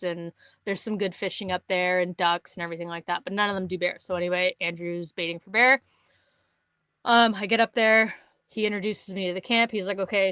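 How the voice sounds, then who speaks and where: Lively storytelling woman, dry close mic. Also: on the low side, clear, resonant tone, dry recording. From Canada. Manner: animated storyteller, acts out quotes, laughs often. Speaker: podcast co-host. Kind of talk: casual chat.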